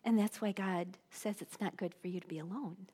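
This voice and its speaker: A woman in her forties giving a sermon to a live audience, bubbly and animated, dropping to hushed tones. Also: mid-range voice, moderate pace, slightly rough. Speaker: women's ministry speaker.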